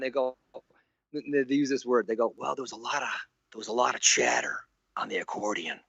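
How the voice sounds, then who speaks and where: A man in his 60s telling lively anecdotes. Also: mid-range voice, a little fast, vocal fry, breathy edge, no echo, muffled recording. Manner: animated, laughs often, acts out quoted voices. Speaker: guest animator. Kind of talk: anecdotal storytelling in an interview.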